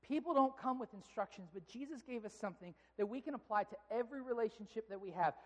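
A male pastor giving a sermon, telling a story with lively, animated delivery. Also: high voice, quick pace. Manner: animated storytelling, shouting quoted outbursts. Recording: long hall reverb.

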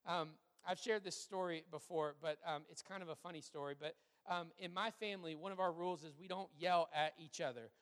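A man, a pastor, answering questions in a sermon, talking conversationally and telling stories with an animated delivery and frequent fillers. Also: a little high, fairly quick, few pauses, big-room sound.

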